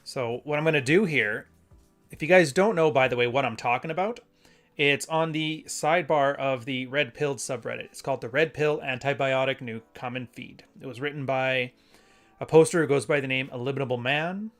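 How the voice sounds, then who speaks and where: A man's voice: mid-range voice, moderate pace, fairly bright tone, soft background music. A man hosting a casual solo show, talking in a loose, rambling way and reading passages aloud. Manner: rambling, conversational, self-correcting. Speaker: podcast host.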